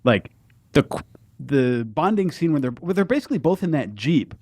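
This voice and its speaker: Homem hesitante, voz animada e seca. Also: male voice, a little high, big pitch swings, moderate pace, a little mellow, dry recording. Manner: hesitant, full of restarts and "like". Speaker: podcast panelist. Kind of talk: casual chat.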